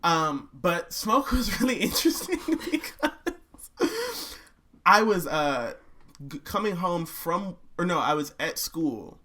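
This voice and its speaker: A young singer with a high voice chats casually and slowly about making his album. He tells stories animatedly and hums melodies in the middle of sentences.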